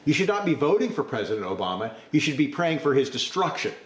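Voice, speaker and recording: A man preaching a sermon, forceful, with sudden rises to emphasis. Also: a little high, sing-song, fast talker, reverberant.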